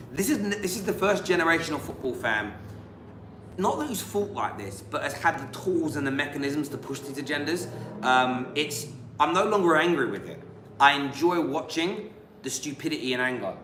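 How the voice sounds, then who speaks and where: British man, football host, bright and high voice, jokey and animated, echoey room. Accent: British English. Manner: animated, jokey, laughs often. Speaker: podcast host. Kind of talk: casual chat. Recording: echoey room with faint hiss.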